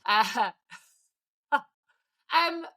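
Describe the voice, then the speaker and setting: A woman co-hosting a podcast, chatting in a teasing, brisk and direct way. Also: high-pitched, expressive, sharp tone. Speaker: podcast co-host. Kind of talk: casual chat.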